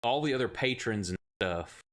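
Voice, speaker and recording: A man's voice: medium pitch, lively intonation, normal speed, fairly bright tone. A man narrating as game master, telling the scene loosely with plenty of swearing and fillers. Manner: loose, profane storytelling with fillers.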